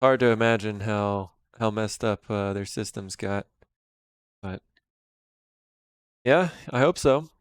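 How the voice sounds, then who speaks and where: A man in his thirties chatting casually on a live stream, relaxed and rambling as he talks with viewers while working. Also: fairly low pitch, slow pace, long pauses, smooth, no room sound. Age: 30s.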